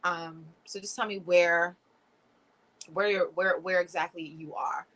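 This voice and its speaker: A woman's voice: on the low side, fairly even intonation, unhurried, fairly bright tone, low-quality recording. A woman hosting a live watch party, talking to viewers in a sarcastic, exasperated and chatty way. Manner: sarcastic, exasperated running commentary, lots of "like" and "y'all". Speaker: livestream host.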